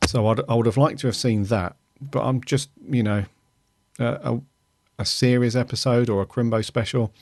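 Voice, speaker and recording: A man hosting a podcast, talking in a measured, hesitant way. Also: mid-range voice, fairly even intonation, darkish tone, no echo, clean studio sound. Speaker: podcast host. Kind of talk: casual chat.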